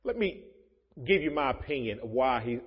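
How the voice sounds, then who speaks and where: A man preaching a sermon as pastor of his church, with loud rising emphasis and joking asides to the congregation. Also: medium pitch, expressive, moderate pace, slightly rough. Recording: muffled, echoey church hall.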